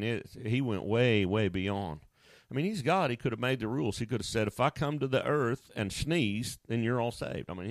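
A man's voice: on the low side, no room sound. A male pastor preaching a sermon in a folksy, conversational way, often restarting his sentences.

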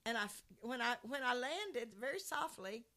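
A woman's voice: on the high side, expressive, moderate pace, sharp tone. A woman giving an earnest, heartfelt personal testimony and reading scripture aloud to viewers of a Christian program.

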